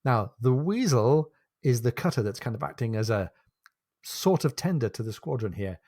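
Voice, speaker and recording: A man's voice: mid-range voice, lively intonation, normal speed, darkish tone, dry recording. A man co-hosting a book podcast, walking listeners through the story and quoting passages from the novel. His voice sits in a middle register and comes across close and completely dry, with no room sound. He ends his stretches with a question to his partner. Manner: retells the plot and reads from the text, then hands over with a question. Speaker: podcast co-host.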